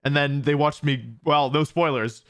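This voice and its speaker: A young man with a clear, resonant, slightly bright voice on the high side speaks at normal speed with fairly even intonation. He hosts a watch-party stream, casually reading viewer questions and answering with many restarts.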